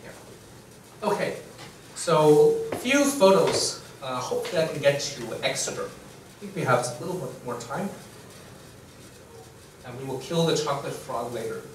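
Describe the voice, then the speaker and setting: A man's voice: fairly high pitch, unhurried, a little hiss or hum. A man hosting a livestreamed English lecture, talking casually with frequent fillers and chuckles. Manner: relaxed, chuckling, full of fillers. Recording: echoey room from far off.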